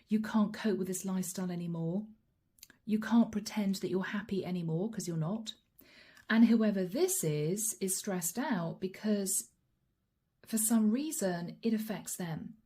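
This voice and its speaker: A woman's voice: mid-range voice, dark tone, husky. A woman giving a channeled tarot reading, talking straight to the viewer in a musing, reassuring way. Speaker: tarot card reader.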